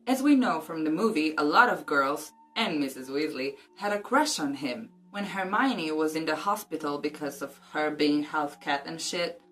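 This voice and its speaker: A woman vlogger with a low voice chats casually about a book and reads passages aloud. She drops in joking, cheeky asides, with faint music behind her. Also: lively intonation, moderate pace, hardly any pauses, fairly bright tone.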